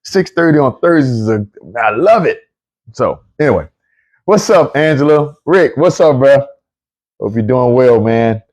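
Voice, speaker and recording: A man hosts a casual Bible talk on a livestream, greeting viewers in a chatty, excitable way and often repeating himself. His voice is mid-range and his pace measured.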